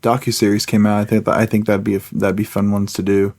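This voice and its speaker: A man co-hosting a podcast, talking loosely and rambling, quick to laugh. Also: on the low side, level tone, darkish tone. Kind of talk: casual podcast chat.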